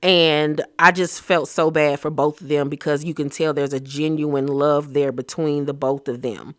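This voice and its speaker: Animated gossipy man recapping reality TV. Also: a little high, moderate pace, smooth, no echo. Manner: animated, gossipy, slang-heavy. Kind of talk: casual recap commentary.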